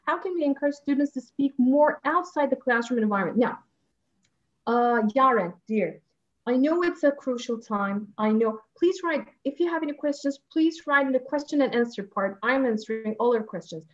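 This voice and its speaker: A woman gives an animated webinar presentation, her voice pitched high and full of feeling. She addresses her audience warmly and takes questions. The sound comes through a computer mic and is dull and lo-fi. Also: normal speed. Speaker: teacher trainer presenting at an online education conference.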